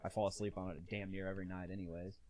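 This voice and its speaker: A man's voice: low-pitched, level tone, racing, a little mellow, a little hiss or hum, rough recording. A man in his thirties hosting a podcast, chatting in a candid, rambling way and laughing at himself. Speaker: podcast host. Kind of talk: casual comedic chat.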